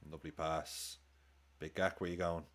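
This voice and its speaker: A man hosting a football watchalong, chatting excitably and swearing as he reacts live to the game and his chat. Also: a bass voice, moderate pace. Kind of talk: live match commentary and chat.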